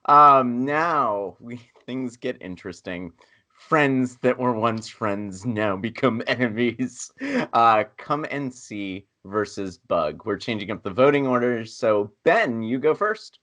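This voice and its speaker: Brief: male podcast host, bright tense tone, relaxed moderator who laughs often. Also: medium pitch, takes it slowly. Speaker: podcast host running the bracket. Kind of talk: casual moderating chat.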